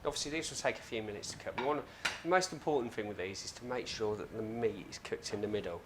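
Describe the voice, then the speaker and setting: In a home kitchen, a man hosts a casual cooking demonstration, chatty and joking with self-mocking asides. He talks fast at a fairly low pitch over a noisy background.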